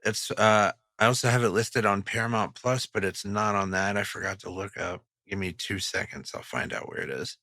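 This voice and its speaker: A man's voice: lowish voice, moderate pace, few pauses, bright, forceful tone, no echo, clean studio sound. A man co-hosting a podcast in casual chat, loose and joking, swearing freely. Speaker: podcast co-host.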